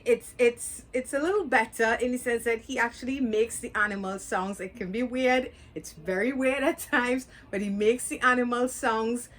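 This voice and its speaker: Chatty woman reviewing a movie. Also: fairly high pitch. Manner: chatty, candid, with filler words and restarts. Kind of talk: casual spoken review.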